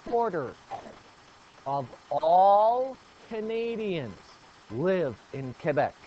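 A male teacher with a rather high voice runs a classroom lesson. He keeps quizzing the students and repeats the key points. The recording is muffled and lo-fi. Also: big pitch swings, drawn-out words. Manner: asks the class questions and praises answers.

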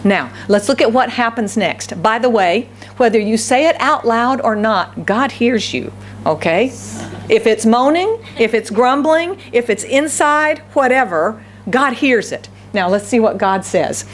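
A woman's voice: on the high side, lively intonation, unhurried, a little hiss or hum. A woman pastor giving a conversational sermon, often asking the congregation questions. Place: church service.

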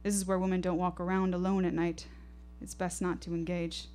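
A woman's voice: lowish voice, level tone, a little fast, dark tone. A woman performing an intense, poetic first-person story live on a storytelling stage, with rhythmic delivery.

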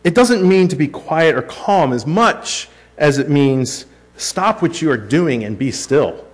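A man's voice: a little high, animated, unhurried. A man in his thirties preaching a sermon, mixing scripture with a self-deprecating family story. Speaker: pastor.

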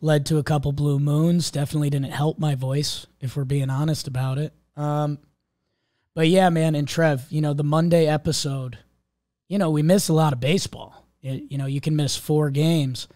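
A hoarse man who has lost his voice, hosting a casual sports podcast with a jokey manner. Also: fairly high pitch, fairly even intonation, normal speed, mellow, no echo, clean studio sound. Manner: jokey, drops into gravelly impressions. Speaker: podcast host.

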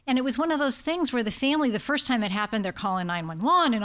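Lively American woman palliative doctor. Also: a little high, fast talker, few pauses. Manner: lively, anecdotal, acts out quotes. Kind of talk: informal talk, storytelling.

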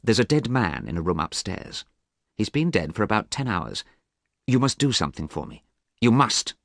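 A man's voice: fairly low pitch, sing-song, normal speed, gravelly, no echo, clean studio sound, exaggerated voice. A man voicing a desperate young man who turns cold and threatening, in an urgent, pressing way.

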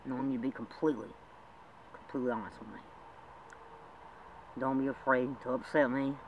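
A man's voice: mid-range voice, fairly even intonation, fairly quick, lo-fi sound. A man talking in a rambling, emotional way in a homemade drama, with frequent laughs. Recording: distant mic with loud background noise.

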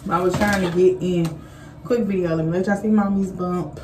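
A woman, chatting casually to camera in a vlog, a bit out of breath, with lots of fillers and animated quoted voices. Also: lowish voice, moderate pace, far from the mic, a little hiss or hum, poor audio. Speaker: vlogger. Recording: voice a little off-mic, faint music.

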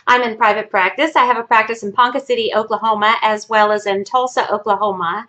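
A family therapist, a woman, speaks directly to her audience in an educational talk, teaching through storytelling. Her slightly high voice comes across bright and forceful, moving quickly with few pauses, and she closes with friendly sign-offs.

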